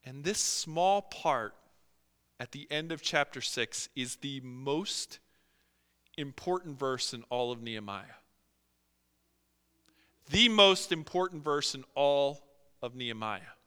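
Bright, animated male preacher in a hall. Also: medium pitch, takes it slowly, long pauses, clean tone. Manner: animated, acts out quotes, many fillers. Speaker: pastor. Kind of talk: sermon. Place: church sanctuary. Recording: long hall reverb.

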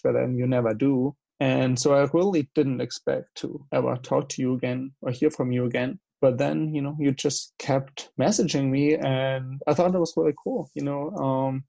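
A young man from Germany with a German accent, talking in a casual, halting and earnest way, with many fillers. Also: mid-range voice, little pitch movement, vocal fry, warm tone, muffled recording. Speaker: guest in conversation. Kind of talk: casual conversation.

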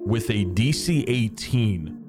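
Male game master, casual and rambling, animated pitch, music bed under him. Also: slow pace. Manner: loose, filler-heavy, "like" and "uh". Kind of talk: casual tabletop narration. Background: background music.

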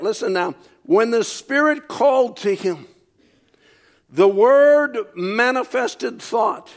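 A man preaching a sermon, reading quotations aloud and commenting on them, rising to shouts on key points. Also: high voice, vocal fry.

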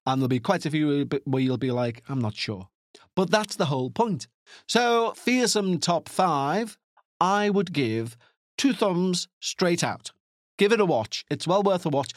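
A man's voice: on the high side, no echo, studio quality. A man with a Liverpool accent hosting a podcast, rambling in a chatty, self-mocking way with playful asides. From Northern England. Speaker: podcast host. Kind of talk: rambling casual podcast chat.

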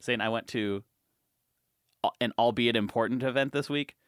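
A young man in his twenties, co-hosting a podcast and telling a funny story in casual chat, acting out what people said with big loud swings. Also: mid-range voice, moderate pace, clear, resonant tone, dry recording, clean studio sound. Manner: animated storyteller, acts out quotes loudly. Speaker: podcast co-host.

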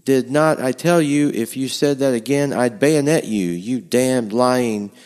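Man doing a hot-tempered townsman, indignant, pitched up high, long hall echo. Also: a little slow, close to an everyday voice. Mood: furious. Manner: shouting, worked-up indignation. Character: excitable male townsman captor, hot-tempered.

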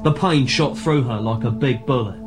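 Guy doing a puffed-up horror author, dead serious, grand and smug, mid pitch. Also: moderate pace, music in the background, close to an everyday voice. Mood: dramatic reading. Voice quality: grandiose, deadpan and self-satisfied. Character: pompous self-important male horror writer. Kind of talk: scripted comedy monologue.

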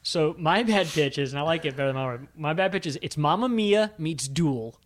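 Animated opinionated man, fairly high voice. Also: moderate pace. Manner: animated, opinionated, with sudden high-pitched bursts. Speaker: podcast co-host. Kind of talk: casual film discussion.

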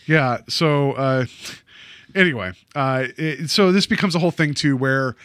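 A man casually recapping a movie plot on a podcast, rambling with lots of fillers and quick laughs. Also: mid-range voice, a bit bright, no echo, studio quality. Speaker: podcast co-host.

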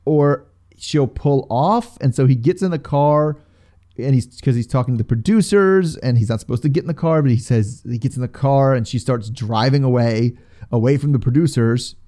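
A man's voice: mid-range voice, normal speed, mellow. A man co-hosting a casual podcast, rambling through a recap of a reality show episode. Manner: rambling, retells scenes with quoted voices. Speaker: podcast co-host.

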